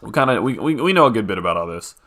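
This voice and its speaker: A young man hosts a casual crypto video. He reads a white paper aloud and keeps breaking in with quick, excited reactions. His voice moves up and down a lot as he talks. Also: on the low side. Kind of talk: casual screen-share commentary, reading a white paper aloud.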